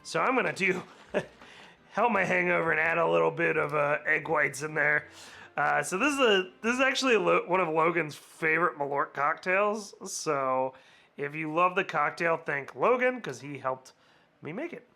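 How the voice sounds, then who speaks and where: Man, high bright voice, chatty vlog host, laughs a lot, rambling, a bit hungover, faint music behind. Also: expressive, normal speed, vocal fry. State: slightly hungover. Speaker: cocktail channel host. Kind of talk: casual cocktail-making vlog.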